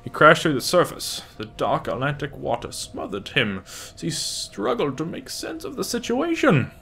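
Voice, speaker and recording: A man's voice: on the high side, big pitch swings, moderate pace, gravelly, sharp tone, a little hiss or hum, pitched above the performer's own voice, heavily acted. A man putting on the voice of a grim masked male movie villain to read a note aloud. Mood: menacing.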